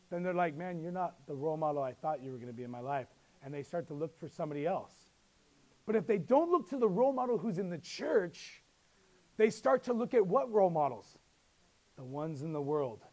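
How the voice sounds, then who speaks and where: A middle-aged man, a youth pastor, teaching youth leaders in a lively, joking storytelling way. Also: high-pitched. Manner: lively storytelling with jokes and quick asides.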